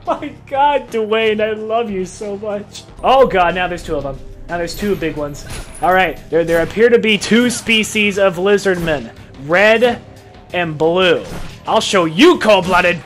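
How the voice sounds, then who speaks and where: A man hosting a let's-play video, excitable and profane, often laughing and shouting at the game. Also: high-pitched, measured pace, soft background music. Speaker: gaming video host.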